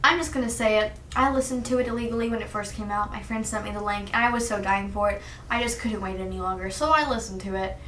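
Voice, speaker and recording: A teenage girl vlogging as an excited fan, gushing and saying "like" constantly. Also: medium pitch, fast, reverberant, far from the mic, slight background noise. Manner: gushing, giddy, says "like" constantly. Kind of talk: excited fan chat to camera.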